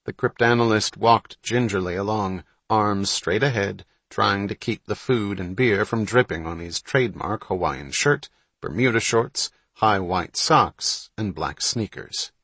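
A man reading a novel aloud as a measured, even audiobook narrator. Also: on the low side, husky, no echo. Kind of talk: scripted narration.

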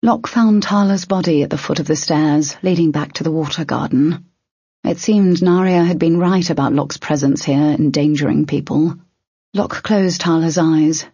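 A woman narrating an audiobook in a steady, measured way. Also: sits low, husky, dry recording. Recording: dry, dull lo-fi.

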